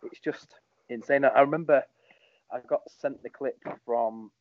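A former football captain chats through old match memories in a loose, rambling way. His voice sits at an ordinary male pitch and has an animated lilt. The recording is dry and slightly dull. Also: measured pace, no echo. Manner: animated, rambling, lots of ums. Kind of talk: casual storytelling interview.

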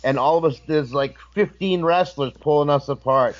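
A man's voice: a little high, normal speed, hardly any pauses, muffled recording. A man who is a guest on a podcast, telling a story in casual talk and acting out the voices in it. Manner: animated, acts out voices in his stories.

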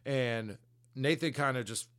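A man at a mid-range pitch talks through a story he has just read, loose and conversational. He leans on slang and swears freely as he goes. It sounds like an easygoing podcast chat between friends. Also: a little slow, fairly bright tone, clear, resonant tone. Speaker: podcast co-host. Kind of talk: casual chat recapping a story.

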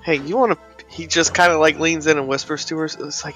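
A man's voice: fairly high pitch, steady tone, a little fast, fairly bright tone, soft background music. Swearing, incredulous man at the game table. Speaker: player. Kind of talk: tabletop role-play, narrating his character.

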